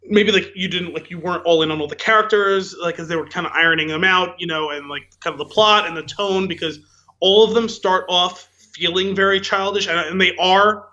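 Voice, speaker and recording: A fairly high, bright-toned man chatting on a podcast, circling through his stories with lots of "like" and "um". The audio is a little dull and lo-fi. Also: steady tone, fairly quick. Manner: rambling, filler-heavy storytelling with frequent "like" and "um". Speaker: podcast co-host. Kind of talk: casual podcast chat.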